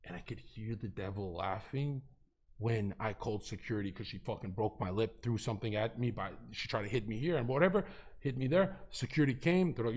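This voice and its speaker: A man's voice: lowish voice, brisk. A man streaming, telling a story in a casual, heated debate and swearing heavily. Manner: animated, profanity-heavy storytelling that swings between hushed and loud.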